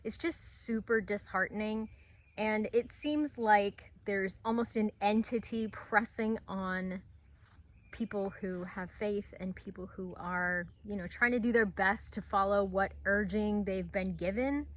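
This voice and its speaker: A woman's voice: medium pitch, unhurried. A middle-aged woman vlogging outdoors on her homestead at sunrise, talking in an earnest, reflective, heartfelt way into a handheld camera. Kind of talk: casual outdoor vlog talk.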